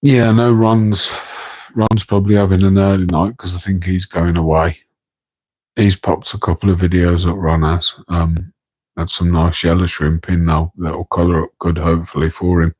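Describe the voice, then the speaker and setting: Low, flat-voiced Midlands man. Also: normal speed, poor audio. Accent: English Midlands. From English Midlands. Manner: rambling, self-deprecating, chatting to viewers in chat; keeping his voice down so as not to wake his partner. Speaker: live stream host. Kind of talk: casual late-night live stream chat. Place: home, room next to an aquarium tank. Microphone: microphone on a tripod.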